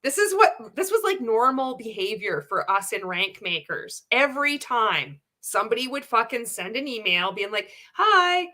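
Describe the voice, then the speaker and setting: A woman hosts a candid reaction livestream in a bright, slightly high voice. She swears freely, laughs often and reads viewer comments aloud as she goes. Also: sing-song, normal speed, few pauses. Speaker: livestream host reacting to a show.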